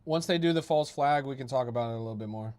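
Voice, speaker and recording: A man's voice: medium pitch, fast talker, a little mellow. A young man hosting a crypto livestream, reading his chat aloud and mocking it with a profane, ranting manner.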